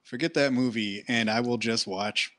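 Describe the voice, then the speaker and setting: A man from Texas talks in a podcast chat at a middling pitch. He rants with exasperation and trips over his starts. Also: moderate pace, bright, forceful tone. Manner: exasperated ranting, frequent restarts. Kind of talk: casual chat.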